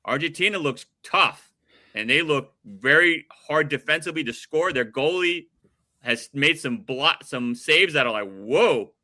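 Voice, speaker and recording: A man's voice: fairly high pitch, lively intonation, normal speed, bright, forceful tone. A man hosting a casual sports talk show, moving the chat along between his co-hosts. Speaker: podcast host.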